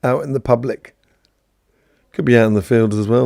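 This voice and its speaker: Man, gravelly voice, mellow tone, chatty and rambling, live stream host. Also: medium pitch, fairly even intonation, normal speed, no echo, clean studio sound. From London, England. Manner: rambling, chatty, greets viewers by name, many fillers. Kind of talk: casual spiritual talk answering viewers.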